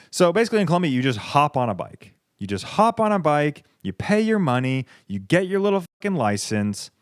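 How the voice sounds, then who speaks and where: A young American man talks straight into a close, dry microphone, his voice smooth and clean. He rambles through a casual solo podcast, swearing freely and drifting into sarcastic tangents. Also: on the high side, sing-song, moderate pace, no echo. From United States. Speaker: podcast host.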